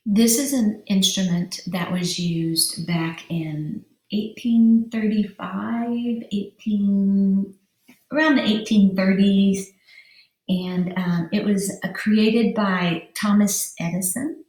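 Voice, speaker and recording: A woman's voice: mid-range voice, fairly even intonation, darkish tone, roomy sound. A woman teacher giving a vocabulary lesson to young children, stretching out words and spelling letters aloud. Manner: slow, drawn-out syllables, spelling letters aloud.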